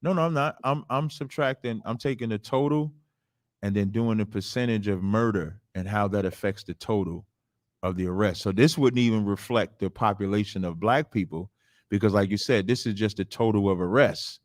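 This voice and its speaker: Man, low voice, argumentative debate host, reads numbers aloud, dry close sound. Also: moderate pace, dry recording. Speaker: radio host debating a guest. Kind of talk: heated livestream debate.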